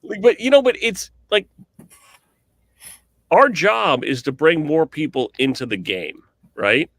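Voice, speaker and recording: A man co-hosting a casual cornhole podcast, telling lively stories with lots of fillers and restarts. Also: fairly high pitch, a little slow. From New England, US. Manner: animated storyteller with frequent fillers and restarts. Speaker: cornhole podcast co-host and commentator.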